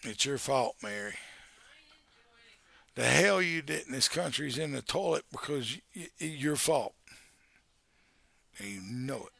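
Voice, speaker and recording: Gravelly man in his forties streaming. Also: medium pitch, expressive, measured pace, pauses often, fairly bright tone, no echo. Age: 40s. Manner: rambling and joking, with baby talk to his dog. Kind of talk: casual live-stream chat. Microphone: headset.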